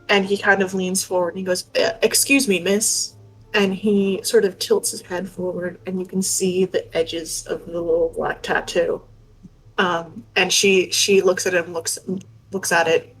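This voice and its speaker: A woman's voice: fairly low pitch, flat delivery, measured pace, a bit bright, soft background music, low-quality recording. A woman game master narrating a tabletop game in a loose, filler-heavy way.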